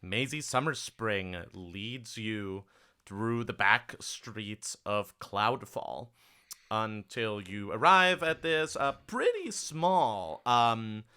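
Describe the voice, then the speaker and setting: A man's voice: fairly low pitch, pushed and bright, clear, resonant tone. A man running a tabletop game as game master, narrating casually and loosely. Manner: casual, loose with fillers and hedges.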